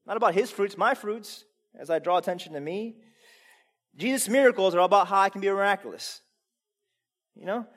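A man preaching a sermon in a casual, conversational way, putting rhetorical questions to the congregation and swinging between loud emphasis and quiet asides. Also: sits high, a little fast, long pauses.

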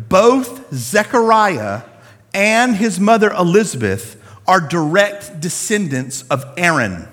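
A man preaching a sermon to a congregation, telling the story in an animated, conversational way with casual slang. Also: fairly high pitch. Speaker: pastor. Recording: long reverb of a large hall.

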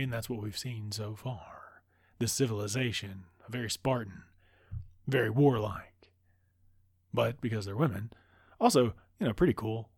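A man with a rough, gravelly voice recaps a film with loose, rambling asides and constant swearing. His sarcastic commentary sits at an ordinary pitch for a man. The sound is dry and close, with no room echo. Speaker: movie recap host. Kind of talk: profane comedic movie recap.

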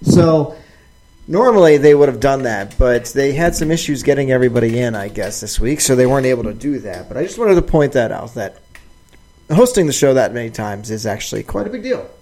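A man's voice: mid-range voice, expressive, brisk, mellow. A man casually commenting on a show he is watching, chatty and amused, sharing his own opinion. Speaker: viewer reacting to a show.

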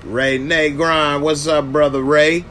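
Guy doing a laid-back tv episode review, talks slow, chats to viewers, faint hum behind. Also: a little high, flat delivery, a bit bright. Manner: loose, conversational, answers viewer comments. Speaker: TV show reviewer. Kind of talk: casual reaction video commentary.

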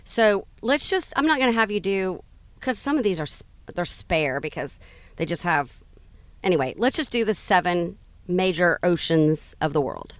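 Playful middle-aged woman cohosting a radio show, lowish voice that swoops around a lot, quick to laugh. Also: big pitch swings, no echo. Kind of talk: casual banter. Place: mobile studio in a vehicle.

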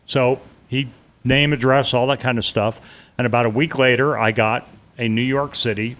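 A middle-aged man recounts a personal experience to an interviewer in a relaxed, first-person telling. His voice sits at an ordinary middle pitch, and he slips into the voices of the people he describes. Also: normal speed. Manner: vivid, conversational, acts out the voices of people he quotes. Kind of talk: casual first-person storytelling.

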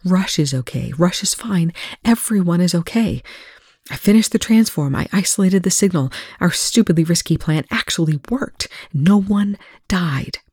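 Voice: mid-range voice, lively intonation, moderate pace, a little mellow, husky, no echo, studio quality, pitched above the performer's own voice. A reader doing an anxious young male tech whiz.

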